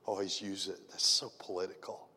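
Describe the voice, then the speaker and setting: A man preaching a sermon in a conversational way, moving from loud emphatic questions to soft murmurs. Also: sits low, little pitch movement, brisk, husky, in a large hall. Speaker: pastor.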